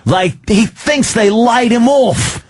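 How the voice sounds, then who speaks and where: A male radio host bantering on air, laughing loudly and swearing freely. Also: very high-pitched, slow, slightly rough. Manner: loud cackling laughter and swearing.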